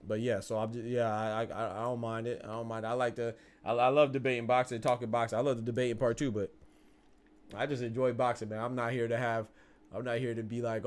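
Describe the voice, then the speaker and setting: Fast-talking man hosting a live stream. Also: medium pitch, flat delivery. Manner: chatty, tag questions, quick restarts. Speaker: boxing stream host. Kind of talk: casual live-stream talk.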